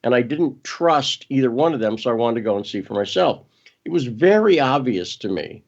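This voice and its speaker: A man's voice: mid-range voice, animated, moderate pace, darkish tone, highs cut off. A man as an interview guest, talking casually and emphatically, often restarting and correcting himself.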